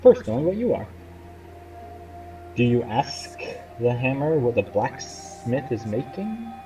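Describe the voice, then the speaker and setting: A man's voice: medium pitch, big pitch swings, takes it slowly, warm tone, soft background music, rough recording. A man doing a hissing ancient serpent. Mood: ominous. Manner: stretches out every S into a hiss. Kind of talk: reading game dialogue aloud.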